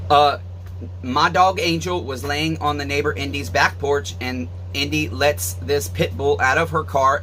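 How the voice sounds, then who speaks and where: A man's voice: on the high side, bright, forceful tone, a little hiss or hum, rough recording. A man casually telling a long personal story to his viewers, rambling with many fillers and asides. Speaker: vlogger.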